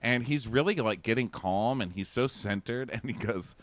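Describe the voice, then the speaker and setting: A man's voice: mid-range voice, normal speed, dry recording. A man co-hosting a casual podcast chat, gossiping with many "like"s. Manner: animated, gossipy, lots of "like". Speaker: podcast co-host.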